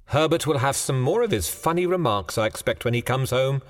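A man voicing an anxious, fearful elderly mother in a spoken ghost story, pitching his voice up high and breathless. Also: lively intonation, brisk, natural voice. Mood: teasing. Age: older. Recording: long hall reverb, faint music.

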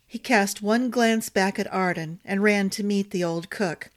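A woman storyteller reading a fantasy novel aloud in a steady, expressive narration. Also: medium pitch, measured pace.

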